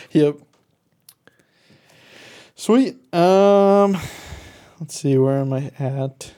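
A man's voice: fairly high pitch, very slow, smooth. A man co-hosting a podcast, chatting casually and enthusiastically about movies. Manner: relaxed, enthusiastic, fillers and restarts. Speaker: podcast co-host.

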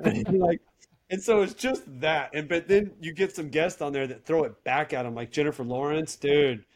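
A man co-hosting a podcast in casual chat, animatedly recommending comedy shows. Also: a little high. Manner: animated, retells comedy bits with quick acted quotes. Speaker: podcast co-host.

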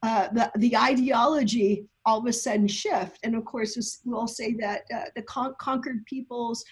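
A woman's voice: fairly high pitch, fairly even intonation, normal speed, husky. A woman guest scholar giving an emphatic, lecturing explanation, often laughing and using technical terms. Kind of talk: animated explanatory talk.

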